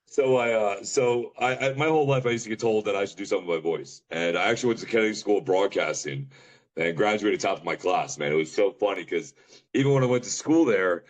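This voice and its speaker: A middle-aged man from Pennsylvania, a podcast guest telling a rambling story, with a deep voice and casual slang. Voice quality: deep voice often remarked on. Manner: rambling, fast, says bro and dude.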